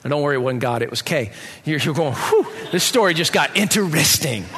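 A middle-aged man giving a personal testimony in an animated, comic storytelling manner. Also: a little high, brisk. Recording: reverberant hall.

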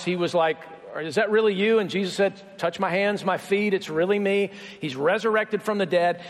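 A man's voice: sits high, long reverb tail. A man preaching a sermon in a conversational way, acting out the lines of Bible characters as he retells the story. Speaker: pastor.

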